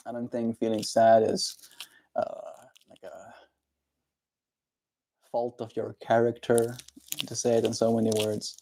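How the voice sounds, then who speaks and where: A man chatting on a daily livestream, answering viewers gently and encouragingly. His voice is mellow and dark, with a gravelly fry running through it. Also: medium pitch, completely flat delivery, unhurried, pauses often, a little hiss or hum. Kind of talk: casual livestream chat reading viewer comments.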